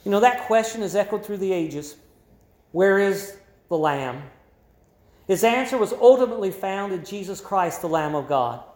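A pastor preaching a sermon, with an emphatic, deliberate teaching delivery. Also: mid-range voice, expressive, a little mellow, echoey room.

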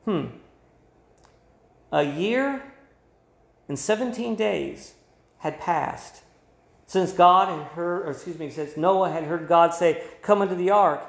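High-voiced preaching man, echoey room. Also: lively intonation, measured pace, vocal fry, long pauses. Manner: emphatic preaching, repeats key phrases, swings loud and soft. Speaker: pastor. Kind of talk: sermon.

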